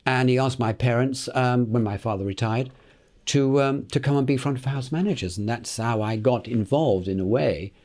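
A man's voice: medium pitch, moderate pace. Elderly British man telling anecdotes. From Britain. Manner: lively raconteur, acts out the voices in his anecdotes, chuckling, repeats words. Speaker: actor, interview guest. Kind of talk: anecdotal interview storytelling.

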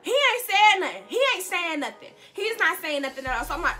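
High, bright-voiced young woman telling a story. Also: brisk, hardly any pauses, soft background music. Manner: animated, dramatic storyteller who talks straight to the viewers; casual slang, repeats lines for emphasis. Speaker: vlogger. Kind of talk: storytime vlog.

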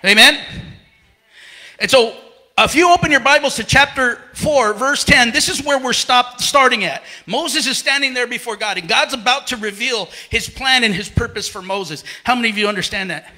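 A man's voice: very high-pitched, normal speed, sharp tone. A male pastor preaching a sermon, out of breath, often stumbling and repeating words as he retells a story. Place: church.

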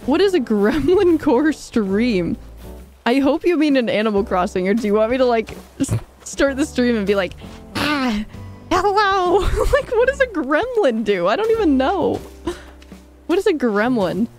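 Woman game streamer, bubbly and chatty, reads chat aloud, slightly higher voice. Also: very animated, moderate pace, darkish tone, faint music behind. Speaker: livestreamer. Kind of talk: casual livestream chat while playing.

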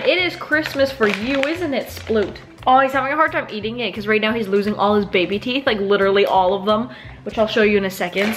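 Bubbly vlogger girl, really high voice, coos at her dog, faint music behind. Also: a bit bright. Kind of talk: casual vlog chat.

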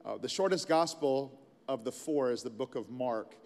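A man's voice: mid-range voice, normal speed, long reverb tail, faint music behind. A middle-aged man preaching a sermon as a pastor, telling the story in a casual, conversational way with asides.

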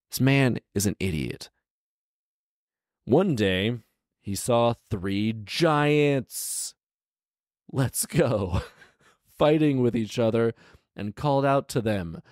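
A man's voice: mid-range voice, expressive, slow, long pauses, a little mellow, no room sound, studio quality. A man reading a fairy tale aloud with sarcastic, exasperated comedic commentary. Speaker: storyteller and podcast host.

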